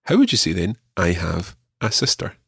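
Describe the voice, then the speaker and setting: Male language tutor, low and a touch husky, patient, repeats and praises. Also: huge pitch swings, a bit bright, dry recording, studio quality. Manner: patient, encouraging, repeats words slowly. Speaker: language teacher. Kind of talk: radio language lesson.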